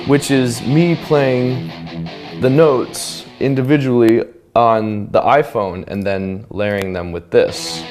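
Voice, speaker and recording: Man, mid-pitched, animated, humming bits, laughing, casual studio walkthrough, music blaring behind. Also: slow. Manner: animated, hums and sings snippets, laughs often. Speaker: songwriter and producer. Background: loud music playing.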